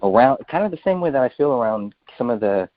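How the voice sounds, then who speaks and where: A man hosting a casual conversation, halting and repeating words as he thinks aloud. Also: medium pitch, lively intonation, no room sound. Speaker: host. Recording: dry, dull lo-fi audio.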